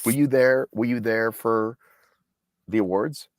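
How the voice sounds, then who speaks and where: Man, mid-pitched voice, dry close sound, teasing podcast co-host. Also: measured pace, no room sound. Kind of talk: casual podcast chat.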